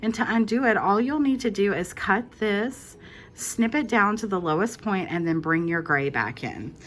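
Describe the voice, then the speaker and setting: A woman's voice: medium pitch, animated, moderate pace, a bit bright, slight background noise. A woman hosting a casual crochet tutorial, walking through each step in a chatty, reassuring way and correcting herself as she goes.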